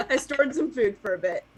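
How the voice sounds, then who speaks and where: A woman playing a tabletop game, asking quick, teasing questions. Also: high-pitched. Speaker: player. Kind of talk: casual chat at a game table.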